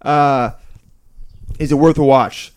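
Excitable young man with a smooth voice. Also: mid-range voice, slow. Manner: excitable, laughs often, loud bursts. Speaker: podcast co-host. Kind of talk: casual chat.

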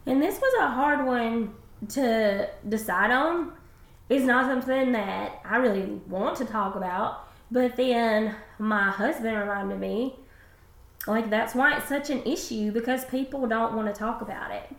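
A woman co-hosting a faith podcast, speaking with enthusiastic, heartfelt warmth. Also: a little high, a little slow, roomy sound. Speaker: podcast co-host. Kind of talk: casual faith podcast chat.

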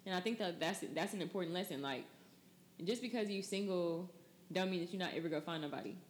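A woman's voice: lowish voice, quick pace, slight background noise. A woman in her twenties hosting a podcast, loose and chatty with lots of fillers. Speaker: podcast host. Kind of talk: casual chat.

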